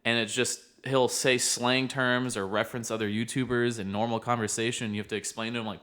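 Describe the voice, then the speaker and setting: A man's voice: mid-range voice, level tone, brisk, few pauses, bright, forceful tone. A young man, a behavioral therapist co-hosting a podcast, explaining things earnestly in casual chat and laughing easily.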